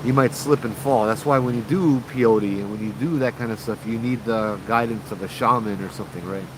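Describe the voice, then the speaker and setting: Chatty host with a Hawaiian accent. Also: male voice, on the low side, a little fast, background noise. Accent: Hawaiian Pidgin. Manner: chatty, reads viewer comments aloud, frequent "right?". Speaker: paranormal show host. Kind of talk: casual livestream storytelling.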